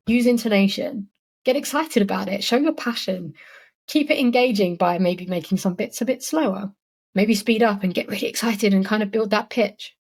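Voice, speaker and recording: A woman with a mid-range, somewhat dark voice hosts a solo podcast, offering marketing advice. She's chatty and encouraging, sprinkling in plenty of "like" and "you know."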